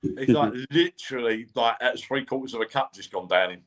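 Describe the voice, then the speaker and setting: A man's voice: medium pitch, a little fast. A man appearing as the guest medium on a live online show, chatty and teasing, often stammering at the start of a sentence. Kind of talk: casual live-stream chat.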